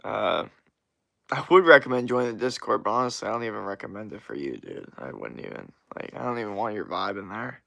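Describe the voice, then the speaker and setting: Young male streamer, gravelly voice, profane rambling rant to chat. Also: lowish voice, animated, fairly quick, bright, forceful tone. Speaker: livestreamer. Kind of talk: casual live stream chat.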